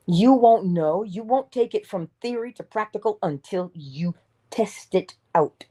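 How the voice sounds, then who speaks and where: Slow, mellow-voiced woman preaching. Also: mid-range voice, expressive, breathy edge. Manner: emphatic, preacherly, drops to whispers. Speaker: motivational speaker. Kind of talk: inspirational morning talk.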